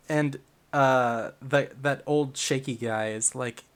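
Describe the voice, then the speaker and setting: A man's voice: medium pitch, steady tone, slow, clear, resonant tone. A young man narrating a tabletop game as game master, in a casual, rambling way with frequent swearing. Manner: casual, profane, filler-heavy storytelling.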